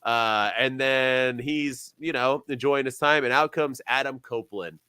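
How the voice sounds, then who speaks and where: Sarcastic, animated male podcast host. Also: mid-range voice, a little slow, smooth, dry recording. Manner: animated, sarcastic, jumps between loud and soft. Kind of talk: casual wrestling podcast chat.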